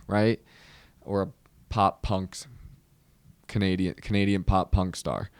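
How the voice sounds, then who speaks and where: Slow, smooth-voiced young man telling a story. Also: low-pitched, dry recording. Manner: animated, swings into loud exasperated outbursts. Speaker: podcast host. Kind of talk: comedic storytelling monologue.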